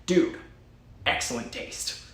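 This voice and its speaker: A man's voice: slow, a bit bright, reverberant. A man hosting a casual live stream, chatting with enthusiasm and reading viewer messages aloud. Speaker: host. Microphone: studio mic.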